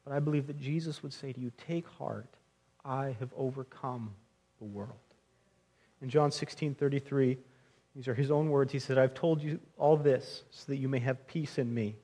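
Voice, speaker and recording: A man's voice: mid-range voice, fairly even intonation, a little fast, warm tone. A young man preaching a sermon in an earnest, conversational way, often restarting phrases and speaking directly to his listeners as friends. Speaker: pastor.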